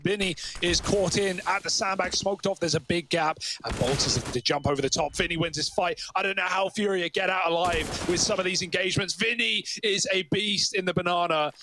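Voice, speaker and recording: A man's voice: high voice, steady tone, moderate pace, noisy background. A man doing color commentary on a competitive shooter match, breaking down the plays and standings in a conversational way. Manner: analytical, conversational, talks through team standings. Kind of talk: analytical commentary.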